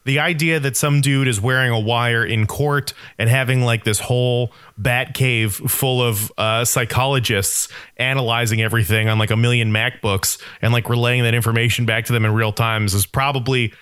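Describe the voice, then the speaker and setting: A man's voice: mid-range voice, fairly even intonation, moderate pace, few pauses, fairly bright tone, clear, resonant tone, no room sound, clean studio sound. A man co-hosting a podcast, rambling through ideas and cracking jokes about a film. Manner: joking, rambling explanations. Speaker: podcast co-host. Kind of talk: casual film discussion.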